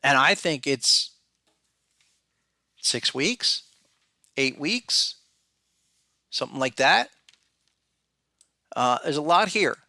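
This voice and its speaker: A man's voice: on the high side, lively intonation, very slow, pauses often, bright, forceful tone, dry recording, studio quality. A man hosting a podcast, giving blunt, conversational market commentary and thinking aloud with frequent restarts. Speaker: podcast host and market analyst.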